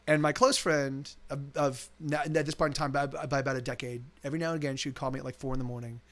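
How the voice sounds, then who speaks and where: A man's voice: mid-range voice, flat delivery, quick pace. A man who streams his own music live, talking casually and rambling between songs, often restarting his sentences and swearing freely.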